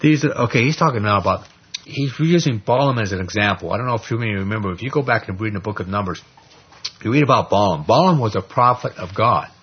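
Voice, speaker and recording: A husky-voiced man gives a loose, chatty sermon, leaning on "you know" and "okay?" as he walks listeners through scripture. His voice comes through a dull, muffled lo-fi recording, and he keeps the delivery lively and animated. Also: fairly low pitch, quick pace. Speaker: lay Bible teacher. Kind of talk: informal Bible study sermon.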